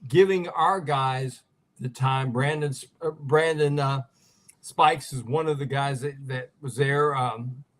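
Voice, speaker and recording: A man's voice: mid-range voice, takes it slowly. A man who is a sports writer, a guest on a talk show, eagerly recounting game details in casual chat.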